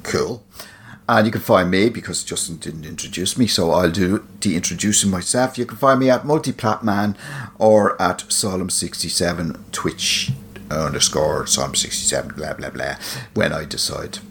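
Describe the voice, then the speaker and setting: A man's voice: low-pitched, normal speed, vocal fry, fairly bright tone. A man co-hosting a podcast, chatting casually in a wry, rambling, self-mocking way. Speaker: podcast co-host. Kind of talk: casual banter.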